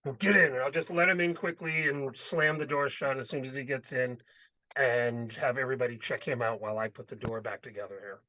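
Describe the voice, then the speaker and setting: A man playing a tabletop role-playing game, giving his moves in a gruff, practical way. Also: medium pitch, steady tone, fairly quick, sharp tone, no room sound, poor audio. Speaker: player. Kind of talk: tabletop role-play, in character.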